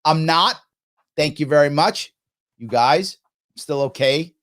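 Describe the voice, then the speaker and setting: A middle-aged man hosts a live stream and talks his way through quiz questions as he goes. His voice sits a bit higher than most men's, and he keeps breaking off to rephrase himself with a chuckle. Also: slow, a bit bright. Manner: musing aloud, frequent self-interruptions and laughs. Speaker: show host.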